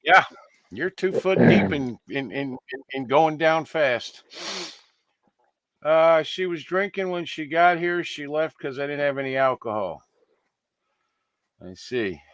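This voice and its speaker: A man's voice: fairly high pitch, animated, a little slow, a bit bright, no echo. Dry, weary male host. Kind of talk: casual live-stream chat.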